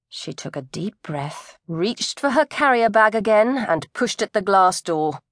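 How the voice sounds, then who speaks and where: A woman narrating an audiobook in a crisp, measured storytelling voice, close to the microphone. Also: medium pitch, no echo. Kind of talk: scripted narration.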